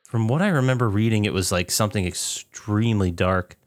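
A man's voice: fairly low pitch, fairly quick, no echo. A man co-hosting a gaming podcast, joking and teasing in casual chat. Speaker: podcast co-host.

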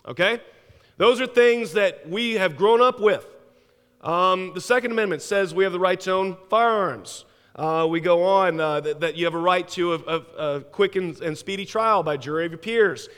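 A man's voice: high-pitched, a bit bright, in a large hall. A man preaching a sermon, telling stories animatedly with frequent stammered restarts. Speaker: pastor.

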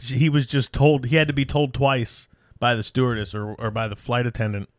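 A man's voice: mid-range voice, little pitch movement, fairly quick, no echo, studio quality. A man co-hosting a podcast, telling stories in an exasperated, swearing casual chat. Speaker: podcast host.

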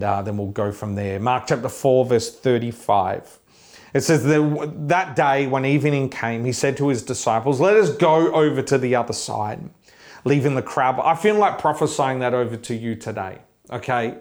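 A man's voice: medium pitch, normal speed, darkish tone. A male pastor preaching an online sermon with fervent, declaring encouragement and repeated questions for emphasis.

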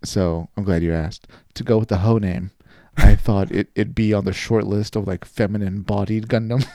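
A man's voice: on the low side, steady tone, normal speed, warm tone, no room sound, studio quality. A man co-hosting a casual podcast, joking and laughing often, with playful mock-dramatic asides. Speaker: co-host.

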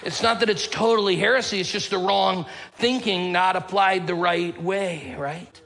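A man preaches from the pulpit in a relaxed, chatty way, with quips and little stories. His voice sits a bit higher than most men's. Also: moderate pace, gravelly, rough recording. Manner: conversational, joking storyteller with a casual drawl. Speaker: pastor. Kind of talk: sermon.

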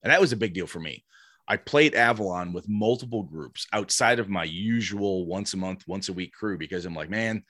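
A man talking casually as a guest about designing and publishing his tabletop game, animated and telling stories with quoted voices. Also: fairly low pitch, no echo. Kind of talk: casual podcast conversation.

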